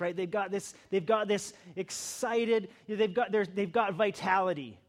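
A man's voice: sits high, measured pace, hardly any pauses. A middle-aged male pastor giving a conversational sermon, building to emphatic bursts.

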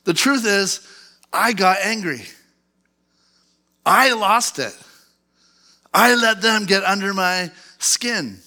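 A male pastor in his thirties preaching a sermon in church, animated and acting out angry outbursts. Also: sits high, slow pace, pauses often. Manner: animated, acts out outbursts in a loud put-on voice.

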